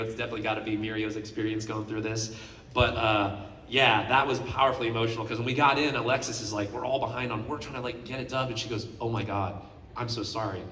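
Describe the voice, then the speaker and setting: A man's voice: on the low side, pushed and bright, slight background noise. A man in his thirties, a voice actor on a convention panel, telling a heartfelt story with lots of fillers. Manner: earnest, emotional storytelling with many fillers. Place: large convention hall. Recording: echoey hall, recorded from far off.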